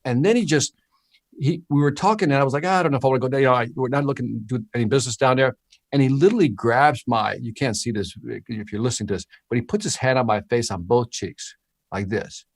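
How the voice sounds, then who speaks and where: A man's voice: medium pitch, fast, no room sound, studio quality. A man from Chicago co-hosting a podcast, telling stories animatedly and checking in with "right?". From Chicago, USA. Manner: animated storyteller, frequent "right?" check-ins. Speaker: podcast co-host. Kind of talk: casual storytelling chat.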